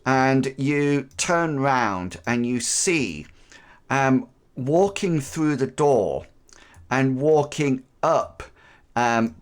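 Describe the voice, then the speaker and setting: A man running an online tabletop game as game master, narrating in a halting way with many pauses. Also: mid-range voice. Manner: halting, with frequent pauses and fillers.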